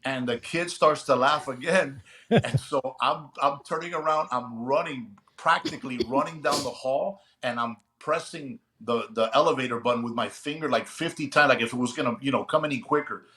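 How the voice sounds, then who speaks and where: A middle-aged man, a retired police sergeant, telling a story in a lively, chatty podcast chat and often checking in with his listeners. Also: medium pitch, normal speed.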